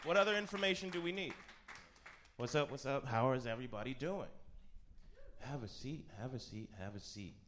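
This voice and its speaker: A man hosting a live comedy panel on stage, deadpan and sarcastic, with halting fillers. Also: medium pitch, a little hiss or hum. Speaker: host. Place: live stage before an audience.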